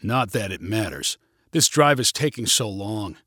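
A man's voice: fairly low pitch, lively intonation, unhurried, bright, forceful tone, dry recording, clean studio sound, pitched below the performer's own voice, heavily acted. A man reading the part of a sarcastic, skeptical young man who grumbles about everything.

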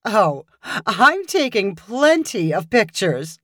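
A woman reading a story aloud, voicing a cheerful, confident woman customer with a bright, playful manner. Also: medium pitch, big pitch swings, moderate pace, no echo, studio quality.

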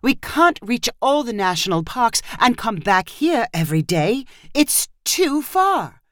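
A fed-up British wife and mother, as a woman reader puts her on, pitched high and swinging from weary pleading to shrill scolding. Her voice leaps up and down as she argues, close and dry on the mic in a storybook reading. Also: very animated, normal speed, no echo. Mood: alarmed.

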